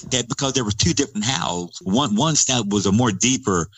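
A man, a guest author, telling a story in casual chat, animated and halting with many restarts. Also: medium pitch.

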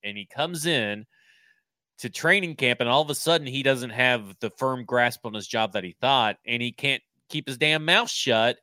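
A man's voice: mid-range voice, normal speed, sharp tone, no echo, clean studio sound. A man co-hosting a sports podcast, talking in a blunt, opinionated, casual way and swearing now and then. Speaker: podcast co-host.

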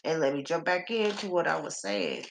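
A woman's voice: low voice, very animated, moderate pace, vocal fry, a little hiss or hum. A young woman hosting a podcast, rambling through casual astrology talk with lots of fillers and swearing. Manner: rambling, profane, many fillers. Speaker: podcast host.

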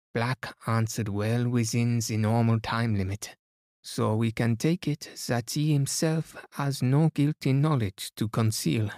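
A man voicing a fussy, precise older male detective in an audiobook, speaking gently. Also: medium pitch, no echo, clean studio sound, natural voice. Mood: explaining.

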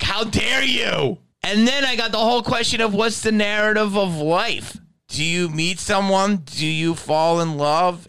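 Middle-aged guy comic going off, cussing a lot, mid-pitched, dry sound. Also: dry recording. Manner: profane, animated riffing with put-on voices. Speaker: comedian. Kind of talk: casual comedic monologue.

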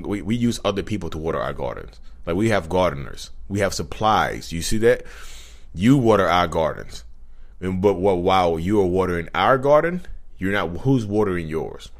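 A man hosting his own channel, talking casually to viewers, chatty with frequent restarts. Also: low voice. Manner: restarts often, chatty, addresses viewers as y'all. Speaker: podcast host. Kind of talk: casual talk to camera.

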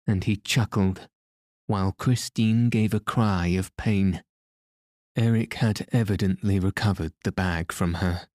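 A man narrating an audiobook with measured, even storytelling. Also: on the low side, no room sound, clean studio sound. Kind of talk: scripted narration.

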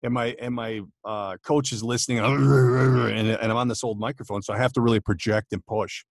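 Casting: talkative voiceover man, mid-pitched, dry close mic, lots of restarts and laughs. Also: steady tone, fairly quick, no room sound. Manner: chatty, laughing storyteller with many restarts. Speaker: podcast guest, voice actor. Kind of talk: casual chat. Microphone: home studio microphone.

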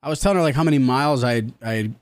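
A man's voice: medium pitch, very fast, clear, resonant tone, no room sound. A man co-hosting a casual comedy podcast, telling crude, jokey stories. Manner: animated, crude, jokey storytelling. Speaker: podcast co-host.

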